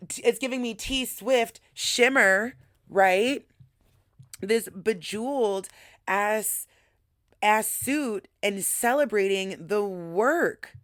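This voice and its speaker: A woman's voice: medium pitch, no room sound, studio quality. A young adult woman hosting a podcast, telling a story casually, swearing freely and hyping herself up emphatically. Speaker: podcast host.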